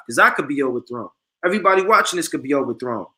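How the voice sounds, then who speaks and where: A man preaching a sermon, reading scripture slowly and forcefully and peppering his talk with "man" and "you understand.". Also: medium pitch, expressive. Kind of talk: street-style sermon.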